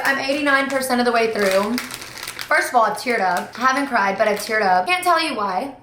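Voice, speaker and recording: A woman's voice: fairly high pitch, animated, moderate pace, a bit bright, reverberant, slight background noise. A young woman chatting through a casual reading vlog in a chatty, dramatic, self-mocking way while doing her nails at home. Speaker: book vlogger.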